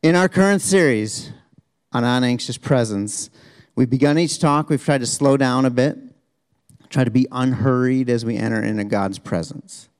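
Male pastor, casual self-deprecating preacher in a church, mid-pitched, frequent restarts, varied pace. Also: moderate pace. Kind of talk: sermon. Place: church sanctuary, also streamed.

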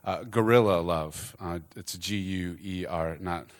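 A man with a fairly low voice preaches from the front, telling a story. He acts out each character's lines with animated energy, his pitch jumping up for the quoted exchanges. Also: measured pace. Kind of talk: storytelling sermon.

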